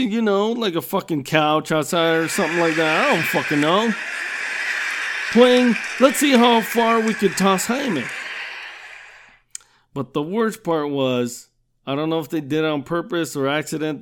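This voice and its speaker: Male podcast host, profane and rambling, slightly high voice, noisy mic. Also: lively intonation, normal speed. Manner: swears constantly, repeats you know what I'm saying. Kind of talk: profane comedic storytelling.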